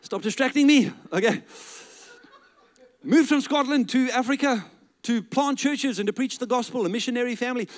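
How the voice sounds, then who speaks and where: A man with a notably high voice preaches a sermon to a church congregation. He stacks repeated phrases into an emphatic rhythm, then falls to a soft, low voice to stress key words. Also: a little fast. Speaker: pastor. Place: church service with a live congregation.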